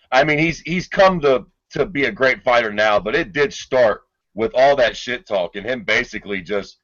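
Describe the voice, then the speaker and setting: A man co-hosting a podcast, chatting loosely with lots of swearing and animated retold stories. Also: fairly low pitch. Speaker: podcast co-host. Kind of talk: casual profane chat. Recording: dull lo-fi podcast audio.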